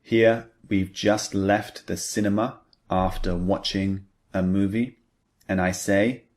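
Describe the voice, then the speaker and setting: A man teaching an English speaking pattern, explaining slowly and deliberately with spoken example sentences. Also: low voice, steady tone. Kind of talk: scripted language lesson.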